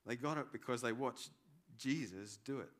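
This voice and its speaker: A man preaching a sermon, animated and conversational, swinging between loud emphasis and quiet asides. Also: mid-range voice, normal speed. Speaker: pastor.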